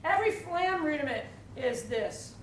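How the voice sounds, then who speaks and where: Woman percussion clinician, high voice, far from the mic in a roomy hall, conversational and quizzing. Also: lively intonation, normal speed, over loud music. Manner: chatty, quizzes the audience with "right?". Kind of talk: live drum clinic teaching. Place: large echoey hall with audience. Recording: roomy live hall, distant mic, loud drumming.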